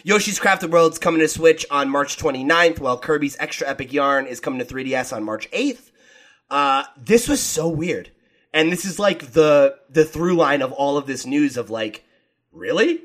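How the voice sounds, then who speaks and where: A man hosting a casual games podcast, talking in an excitable way and often breaking into laughter. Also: a little high, moderate pace. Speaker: podcast host. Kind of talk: casual chat.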